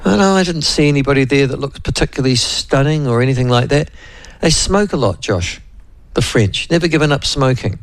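A man's voice: medium pitch, lively intonation, fairly quick, no room sound. A New Zealand man hosting a radio show in a casual, rambling style full of fillers and asides to his co-host. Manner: rambling, digressive, lots of fillers; addresses co-host and listeners by name.

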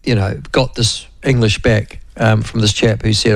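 A man's voice: lowish voice, level tone, moderate pace, vocal fry, no room sound. A man with a New Zealand accent hosting a casual talk radio show, rambling and chatty with lots of fillers. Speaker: radio host.

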